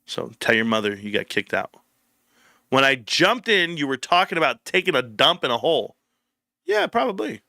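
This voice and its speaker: A man's voice: mid-range voice, animated, moderate pace, bright, forceful tone, dry recording, clean studio sound. A young man hosting a casual livestream, joking and riffing as he reads chat messages aloud. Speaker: livestream host.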